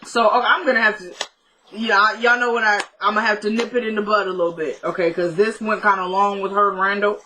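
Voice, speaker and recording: A woman's voice: mid-range voice, fairly even intonation, fast, pushed and bright, a little hiss or hum. A tired woman recapping a TV episode in casual chat, joking and playful with her viewers.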